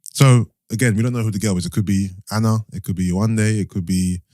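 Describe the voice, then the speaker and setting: A young man co-hosting a podcast, talking things through in a measured way with hedges and fillers. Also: lowish voice, fairly even intonation, warm tone, no echo, clean studio sound. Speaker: podcast co-host. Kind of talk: casual chat.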